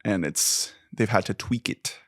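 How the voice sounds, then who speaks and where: A man's voice: on the low side, measured pace, fairly bright tone, no room sound, studio quality. A man co-hosting a casual podcast chat, often hesitating with ums and laughing. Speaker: podcast co-host.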